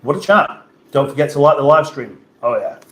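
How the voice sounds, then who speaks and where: A man's voice: a little high, animated, a little fast, fairly bright tone. Rambling man in an echoey room. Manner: rambling, playful, jokey asides. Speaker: livestream host. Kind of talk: casual livestream chat, reading comments.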